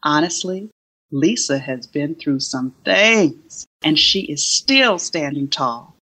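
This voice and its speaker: Woman co-host, low and husky, upbeat and encouraging guest intro. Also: animated, slow pace, sharp tone. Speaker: podcast co-host.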